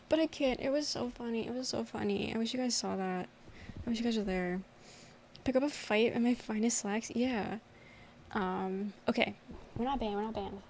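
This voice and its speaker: A young woman chatting live to her stream viewers, telling a story with lots of laughter and energy. Her voice sits a little high for a woman, and she jumps up in pitch when she gets excited. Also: slight background noise. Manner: animated storytelling with frequent laughter. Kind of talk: casual livestream chat.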